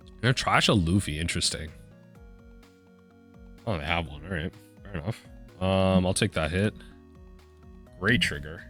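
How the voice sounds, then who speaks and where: Casual male gamer with a lowish voice, narrating his card game with excited bursts, faint music underneath. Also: moderate pace, pauses often. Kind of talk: live card game commentary.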